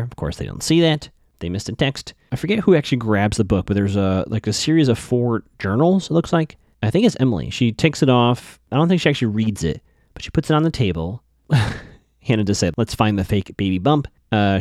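A man's voice: lowish voice, a little mellow, no echo, clean studio sound. A man casually recapping a TV episode in a chatty, offhand way with frequent fillers.

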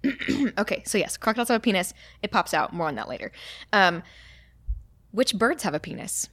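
A young adult woman co-hosting a casual podcast chat, explaining animal facts excitably with frequent laughs. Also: mid-range voice, a little fast, slightly rough, no echo. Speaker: podcast co-host.

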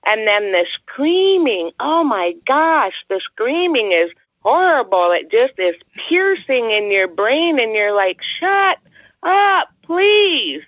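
Exasperated woman ranting, higher voice, phone-like call audio. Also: sing-song, slow pace, no room sound. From Michigan, USA. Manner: exasperated, exclaiming. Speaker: game participant. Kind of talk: comic rant over video call. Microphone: video call.

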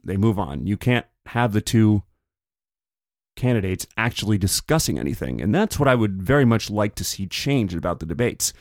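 A man's voice: on the low side, expressive, a little mellow, no room sound, studio quality. A man hosting a podcast, talking through political commentary in a casual, conversational way. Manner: conversational, paraphrasing others in quick put-on quotes. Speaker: podcast host.

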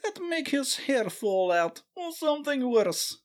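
Woman doing a creepy russian bad guy, thick put-on accent, slow and bouncy pitch. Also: big pitch swings. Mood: gloating. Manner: broken English, gloating, menacing. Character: sinister middle-aged Russian man, ex-spy type.

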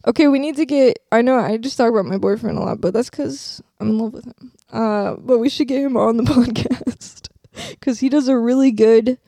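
A woman's voice: a little high, moderate pace, warm tone, dry recording, clean studio sound. A woman cohosting a comedy podcast in loose, jokey chat, laughing easily and swearing casually. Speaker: podcast co-host.

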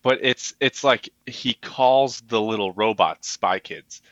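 A man's voice: fairly low pitch, slow pace, fairly bright tone, dry recording, dull audio. A man co-hosting a podcast, chatting enthusiastically about a movie and quoting its lines. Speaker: podcast co-host. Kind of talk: casual movie discussion.

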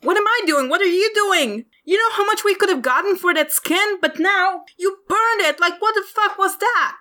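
A woman's voice: medium pitch, animated, a little fast, fairly bright tone, lightly acted. A woman voicing an irritable, hot-headed female hunter who snaps at people. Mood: annoyed. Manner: irritable, snapping.

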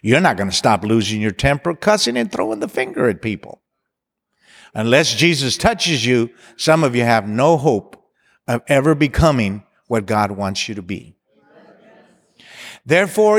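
A pastor with a slightly high, somewhat bright voice preaches a sermon, mixing in humor and building to passionate appeals. His intensity rises as he preaches and leads songs, and the recording has a long reverb tail.

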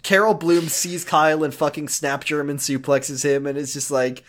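A young man with a somewhat high voice jokes his way through a podcast recap. He fires off wisecracks and silly bits in a loose, casual way. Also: fairly even intonation, a bit bright. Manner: jokey, quick wisecracks and bits. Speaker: podcast co-host.

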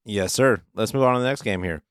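A man co-hosting a fantasy football podcast speaks briskly in a fairly low, clear, resonant voice. The sports banter is relaxed and loose, peppered with some cursing and workplace analogies. Clean, dry studio recording.

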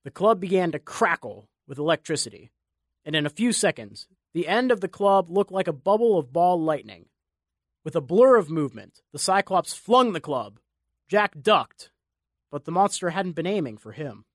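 A male audiobook narrator tells an action story in a measured, dramatic way. His voice sits a little high for a man, and the recording is dry and close with no room sound. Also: animated, dry recording. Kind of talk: scripted narration.

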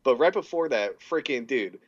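A man's voice: mid-range voice, lively intonation, moderate pace, muffled recording. A man co-hosting a podcast in casual chat, talking enthusiastically and rambling with many fillers. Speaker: podcast co-host.

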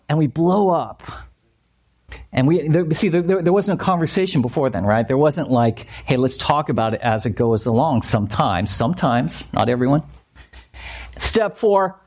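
A man preaching a sermon as a pastor, animated and conversational, acting out the voices he quotes. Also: on the high side, normal speed. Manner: animated, acts out quoted voices, repeats points.

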